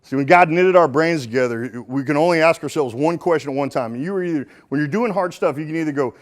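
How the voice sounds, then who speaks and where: A man's voice: mid-range voice, animated, fairly quick. Folksy, joking man giving a keynote. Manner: folksy and joking, swinging between punchy and hushed. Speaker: motivational speaker. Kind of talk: live keynote speech to an audience. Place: stage in front of a live audience.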